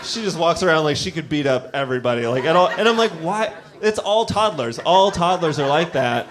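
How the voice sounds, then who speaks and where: A man's voice: a little high, expressive, fairly quick, crowd noise. A man in his thirties doing a casual stand-up set on a comedy club stage with a handheld mic, talking in a laid-back, rambling way. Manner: laid-back, conversational, lots of "like" and "you know". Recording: noisy live club recording. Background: audience laughter and club ambience.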